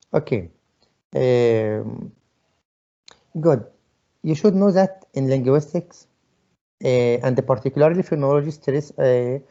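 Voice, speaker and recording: A man's voice: mid-range voice, warm tone, lo-fi sound. A male English teacher leading an online class, patiently repeating his questions to students. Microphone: video call.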